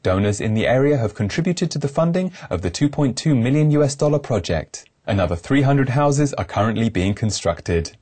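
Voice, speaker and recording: A man presenting scripted good-news reports in a gentle, earnest way. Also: mid-range voice, lively intonation, a little fast, few pauses, slightly rough. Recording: music underneath.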